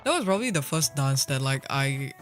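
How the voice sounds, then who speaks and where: A man's voice: mid-range voice, big pitch swings, fairly quick, a bit bright. A man chatting casually and playfully with his viewers while streaming a game, swearing lightly and laughing often. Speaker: livestreamer. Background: faint background music.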